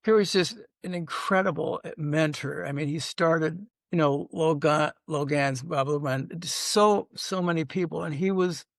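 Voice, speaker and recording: Older man with a gravelly voice, rambling stories. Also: a little high, normal speed, few pauses, dry recording, studio quality. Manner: rambling anecdotes with many fillers and restarts. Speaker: sitcom writer and producer, guest. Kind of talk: casual interview storytelling.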